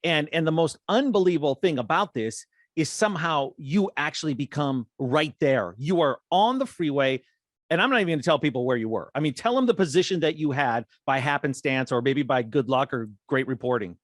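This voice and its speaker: An eager male host draws stories out of his guest with prompting questions. His voice sits a little high and the recording is close and dry, with no room sound. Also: expressive, brisk, no room sound. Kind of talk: casual interview chat.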